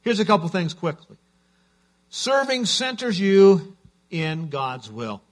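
A man's voice: high voice, very animated, slow. A man preaching a sermon as a pastor, telling stories in an earnest way.

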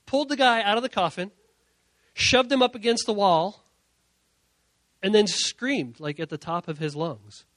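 A young male youth pastor telling a story in a sermon, animated, dropping to quiet asides and then rising to shouts. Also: high-pitched, measured pace, pauses often, no room sound.

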